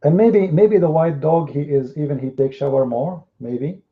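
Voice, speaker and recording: Heard through tinny, phone-like audio, this online debate room host has a fairly high-pitched voice and a normal speed. He's sarcastic and scornful, performing other people's words in quotes.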